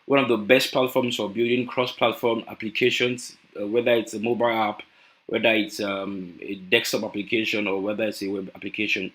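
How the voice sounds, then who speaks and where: A man's voice: mid-range voice, fairly bright tone. Nigerian man giving a conference talk. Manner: hesitant, many fillers and restarts. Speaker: conference speaker.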